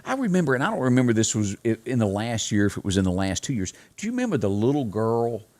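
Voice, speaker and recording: A man hosting a casual news show, folksy and halting with many fillers. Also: mid-range voice, big pitch swings, a little mellow. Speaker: host.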